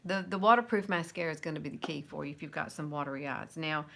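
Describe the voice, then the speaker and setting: A woman's voice: deep voice, fast talker, creaky, a bit bright. A woman over fifty from the American South, with a Southern accent, giving a chatty, encouraging live makeup tutorial. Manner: chatty and encouraging, with little laughs. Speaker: makeup vlogger.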